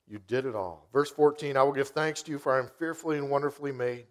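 A man preaching a sermon, reading scripture softly and slowly, then stressing key words with rising force. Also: mid-range voice. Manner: emphatic, rising to loud stresses. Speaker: pastor.

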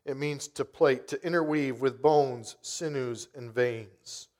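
A man preaching a sermon, reading scripture softly and slowly, then stressing key words with rising force. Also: mid-range voice. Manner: emphatic, rising to loud stresses. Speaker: pastor.

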